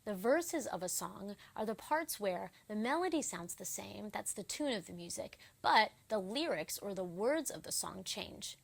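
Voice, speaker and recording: A woman teaching children a rhythm lesson, speaking slowly and clearly in a gentle, encouraging way. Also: medium pitch, animated. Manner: gentle, encouraging, counts beats aloud. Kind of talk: slow, clear instruction for children.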